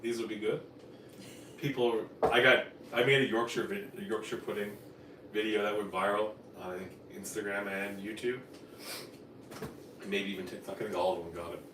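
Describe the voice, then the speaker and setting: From Newfoundland, Canada, a man runs a casual live cooking stream in his home kitchen, rambling and chatting while correcting himself as he goes. His voice is on the low side, with fairly even intonation and a moderate pace. The audio comes from a distance in an echoey room, with a noisy background.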